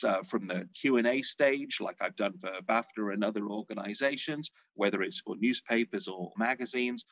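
A man's voice: fairly low pitch, no echo, rough recording. A middle-aged man, a showbiz journalist telling stories in a casual interview. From England. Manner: chatty storyteller, animated.

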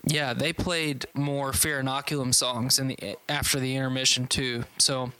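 Bright-voiced man chatting loosely. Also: medium pitch, little pitch movement, normal speed, rough recording. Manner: rambling, loose, swears often, many restarts. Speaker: concertgoer recapping a show. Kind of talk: casual chat.

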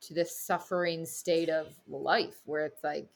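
A woman's voice: sits low, fairly even intonation, a little slow, gravelly. A woman co-hosting a podcast, speaking candidly and openly in casual chat. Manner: candid, open, talks through feelings. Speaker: podcast co-host.

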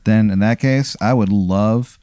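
A man's voice: on the low side, measured pace, warm tone, clean tone, no echo, dull audio. A man playing a tabletop game, answering in a casual, easygoing way. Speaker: player.

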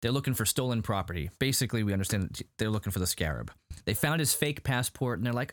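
Guy recapping an episode, all over the place pitch-wise, says like a lot, dry mic. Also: fast, no echo. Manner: animated, rambling, heavy use of "like". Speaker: podcast host recapping a show. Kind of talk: casual chat.

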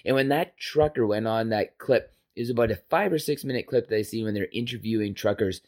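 A man's voice: lowish voice, fairly quick, darkish tone. A man hosting a podcast, delivering an impassioned, emphatic political rant with profanity. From Canada. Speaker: podcast host. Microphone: podcast microphone.

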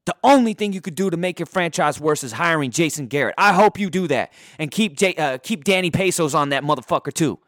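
A man tears through a profane sports rant in a slightly higher voice, his throat getting hoarse. He bursts out loud, then drops to a low mutter. The sound is dry and close, with no room echo. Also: expressive, fairly quick, hardly any pauses. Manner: heated, profane, swings between loud outbursts and low muttering. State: voice going hoarse. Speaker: sports podcaster. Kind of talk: profane ranting sports commentary. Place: indoors.

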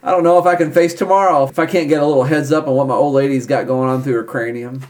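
A dour, proud father, as a man puts him on in a tabletop game, griping in a raised, louder voice. He rambles along with rueful humor. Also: mid-range voice, fairly even intonation, fast, pitched above the performer's own voice, natural voice. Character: proud, dour middle-aged father, embarrassed. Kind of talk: tabletop game role-play.

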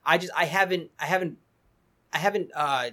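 A man's voice: a little high, normal speed, pushed and bright. A middle-aged man, a cigar company founder chatting as a podcast guest, rambling with many restarts and repeated words. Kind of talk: casual podcast interview.

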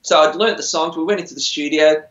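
A man's voice: on the high side, fast, fairly bright tone. Chatty man in a roomy space. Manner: rambling, chatty, self-deprecating. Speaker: musician on a TV singing show. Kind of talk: casual interview storytelling. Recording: roomy, dull lo-fi sound.

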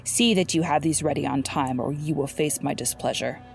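A woman's voice: low-pitched, normal speed, gravelly, slight background noise. A woman voicing a dying, stern male warrior commander, speaking in a grave, commanding way in a storybook reading.

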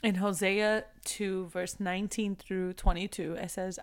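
A woman's voice: mid-range voice, little pitch movement, unhurried, clean tone. A woman giving a heartfelt devotional talk, earnest and repetitive, building in intensity as she speaks.

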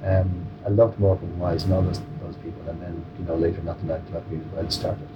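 A man's voice: low voice, level tone, quick pace, muffled recording. An Irish man in his forties, a comedian being interviewed, joking and rambling with many restarts. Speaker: comedian guest. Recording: distant mic with faint noise.

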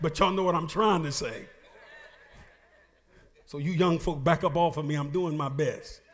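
A man preaching a sermon as pastor, shouting and half singing his lines with playful asides to the congregation. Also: fairly high pitch, steady tone, normal speed.

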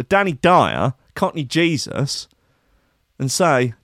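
A man's voice: fairly low pitch, lively intonation, moderate pace, no echo, clean studio sound. A man hosting a comic riff on the news, rambling and sardonic, swearing and mocking himself. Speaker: comedian host.

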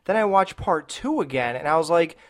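Enthusiastic man, podcast host, animated pitch, slightly high voice, faint music behind. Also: brisk. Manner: enthusiastic, calls people dude. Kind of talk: casual podcast chat.

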